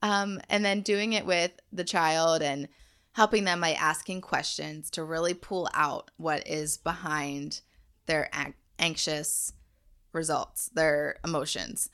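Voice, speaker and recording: Woman in her thirties, podcast host, bright tone, earnest, encouraging. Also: low-pitched, fairly even intonation, slow, clean tone. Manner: earnest, encouraging, faith-based. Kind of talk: casual solo podcast talk. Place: home.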